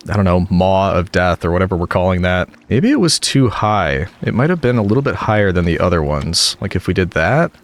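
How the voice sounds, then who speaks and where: Deep voiced guy doing a chatty lets play, gets excited, talks to the mobs. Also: fairly quick, hardly any pauses. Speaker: gaming video creator. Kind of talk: gameplay commentary.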